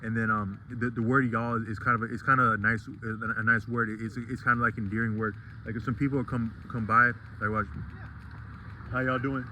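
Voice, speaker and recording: A man's voice: lowish voice, little pitch movement, a little fast, hardly any pauses, pushed and bright, a little hiss or hum, poor audio. A man talking through a casual vlog monologue, digressive and full of restarts and fillers. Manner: rambling and digressive, many restarts.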